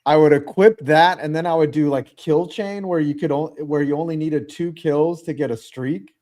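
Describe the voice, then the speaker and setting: A man's voice: fairly high pitch, steady tone, moderate pace, darkish tone. A man hosting a casual livestream, telling rambling profane stories with many restarts. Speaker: livestream host.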